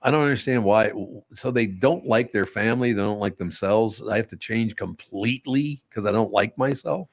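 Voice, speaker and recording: A man's voice: lowish voice, moderate pace, few pauses, dry recording, studio quality. A man hosting a radio talk show, blunt and wry, telling anecdotes in casual chat. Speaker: host.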